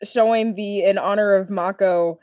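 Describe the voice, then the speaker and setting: A young woman recapping a TV episode in casual chat, laughing often and gushing with animated delight. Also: mid-range voice, moderate pace, dry recording, clean studio sound.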